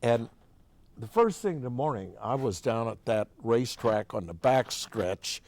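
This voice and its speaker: A man's voice: medium pitch, expressive, a little slow, a little mellow, dry recording. Older man telling folksy stories. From Oregon, USA. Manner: folksy, chatty anecdotes with restarts. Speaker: interview guest, musician. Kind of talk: casual storytelling.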